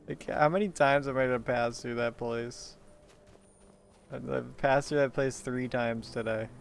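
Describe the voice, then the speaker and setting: A man's voice: mid-range voice, steady tone, gravelly, slight background noise. A man giving casual, rambling gameplay commentary, joking and swearing freely. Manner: rambling, joking, profane, quick to laugh. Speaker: streamer playing a game.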